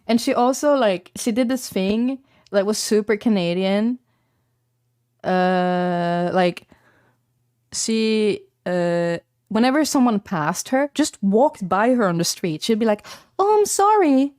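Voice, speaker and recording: A woman's voice: medium pitch, slow pace, a little mellow, no room sound, clean studio sound. A young woman from Sweden, chatting casually and rambling to her stream audience with lots of fillers.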